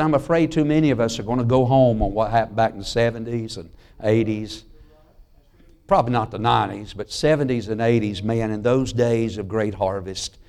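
A middle-aged man preaching a sermon in a church. He tells folksy stories and drops to a hush on key lines. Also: fairly low pitch. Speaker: pastor. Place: church sanctuary.

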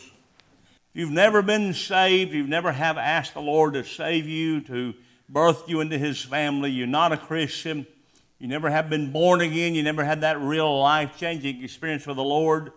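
Pastor, male, slightly high voice; impassioned altar-call sermon, pleading questions, big swings in volume. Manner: pleading, repeating urgent questions, swings from hushed to loud. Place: church sanctuary.

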